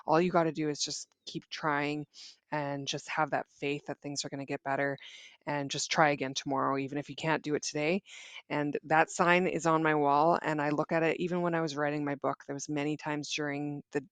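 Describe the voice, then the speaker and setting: A woman's voice: deep voice, fairly even intonation, a little fast, clean tone, no room sound. A woman in her thirties, a guest on an interview, speaking earnestly and reflectively with many restarts. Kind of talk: casual interview.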